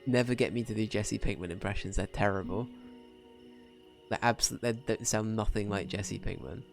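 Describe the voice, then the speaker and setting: A game streamer with a fairly low voice, chatting casually and poking fun at his own character voices. Faint game music hums along under his talk. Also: moderate pace, gravelly. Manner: self-mocking, chuckling asides.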